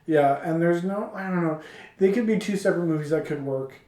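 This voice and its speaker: A man's voice: a little high, brisk, darkish tone, distant mic. Hesitant man chatting in an echoey room. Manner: hesitant, many fillers and restarts. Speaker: podcast co-host. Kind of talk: casual chat. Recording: roomy echo.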